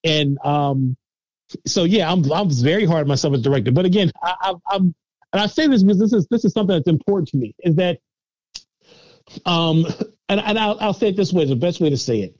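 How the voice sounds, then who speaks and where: A man's voice: a little high, animated, a little fast, a little mellow, dry recording, highs cut off. A man as a filmmaker guest on a podcast, talking casually with lots of laughs and restarts as he mocks himself. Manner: laughing, self-mocking, many restarts. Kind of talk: casual interview chat.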